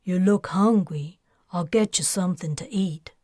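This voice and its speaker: A woman voicing Ariel, a shrewd, mocking female underworld boss with a wry, smooth manner, in an audiobook. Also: on the low side, unhurried, a little mellow, no echo, clean studio sound.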